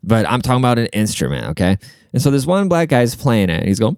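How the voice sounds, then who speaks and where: A young man with a medium-pitched, sing-song voice rants casually and a little fast, profane, sarcastic and rambling, pausing to look things up as he goes and sometimes running short of breath. His tone is darkish, clear and resonant, recorded clean in a studio with no room sound.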